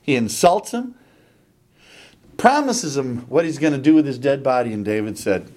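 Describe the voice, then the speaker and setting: A man's voice: mid-range voice, expressive, normal speed, darkish tone. A man preaching a sermon, retelling a scripture story dramatically and animatedly.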